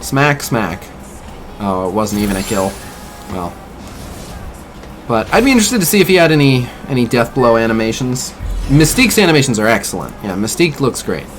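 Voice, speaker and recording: His mid-range voice rises and falls widely as he talks at a moderate pace, often pausing, with soft music underneath. The man is streaming a mobile game, offering relaxed, mildly critical commentary and answering people in chat.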